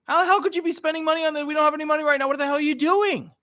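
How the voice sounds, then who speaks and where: A man voicing an alarmed wife who scolds her husband in a shrill, exasperated way. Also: fairly even intonation, racing, fairly bright tone.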